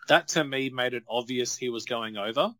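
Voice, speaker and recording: A man in his thirties co-hosts a relaxed podcast chat. His voice sits at an everyday middle pitch and gets animated when he retells a story. The sound is close and dry, with no room around it. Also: normal speed, no room sound. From Australia. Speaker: podcast co-host. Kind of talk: casual chat.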